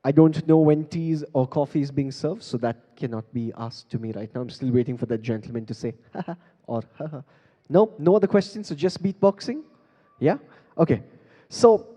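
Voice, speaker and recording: A man with a warm, mid-range voice runs an interactive beatboxing workshop from a large conference hall stage. He laughs often while playfully quizzing the audience on a handheld mic, and the stage PA gives off long hall reverb.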